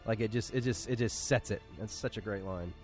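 A man co-hosting a casual podcast, excitedly rambling about a scene with lots of swearing. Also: on the low side, brisk, faint music behind. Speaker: podcast co-host. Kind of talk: casual chat.

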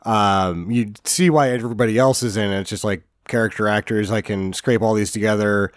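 Relaxed, rambling man on a podcast. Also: on the low side, brisk, no echo, clean studio sound. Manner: relaxed, rambling, chuckles often. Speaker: podcast co-host. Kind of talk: casual chat.

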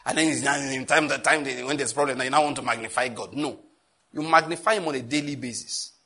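A man with a Nigerian accent preaching a sermon as pastor, animated and telling stories with asides. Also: a little high, breathy edge.

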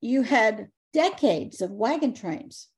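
Older woman telling stories in a mellow voice. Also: on the high side, takes it slowly. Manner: calm, matter-of-fact, acts out dialogue in stories. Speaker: guest, ghost-clearing spirit worker. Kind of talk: anecdotal storytelling in a podcast interview.

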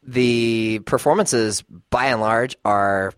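A man's voice: mid-range voice, slow pace, smooth, dry recording, studio quality. A man co-hosting a podcast, talking casually and thoughtfully about a film, with some hesitations. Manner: thoughtful, hesitant, reads quotes aloud. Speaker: podcast co-host.

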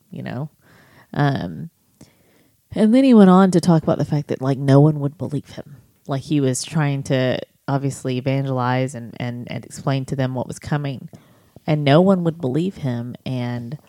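A woman's voice: deep voice, warm tone, no room sound, studio quality. A woman in her thirties co-hosting a casual faith podcast, telling stories with many fillers and restarts. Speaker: podcast co-host.

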